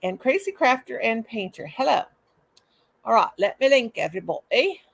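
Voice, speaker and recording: Animated, chatty older woman live-streaming. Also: on the high side, moderate pace, creaky. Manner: chatty, greets viewers by name, hums and sings to herself. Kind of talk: casual live-stream chat.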